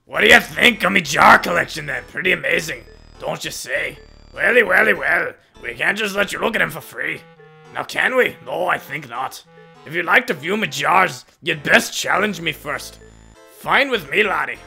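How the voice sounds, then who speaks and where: A man voicing a boastful male ghost who collects jars, with a gravelly, taunting sing-song manner. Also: on the high side, pushed and bright, exaggerated voice. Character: boastful ghost jar collector with a botched Scottish-Irish accent.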